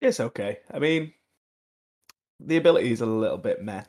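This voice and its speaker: A man's voice: medium pitch, animated, a little fast, darkish tone. Give me an easygoing man with a Birmingham accent chatting on a gaming podcast. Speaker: podcast co-host. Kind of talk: casual gaming podcast chat.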